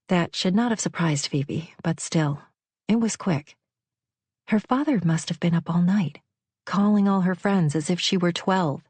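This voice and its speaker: A woman narrating a novel in a measured, even way on a close studio mic. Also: lowish voice, slightly rough, no room sound. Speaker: audiobook narrator. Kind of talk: scripted narration.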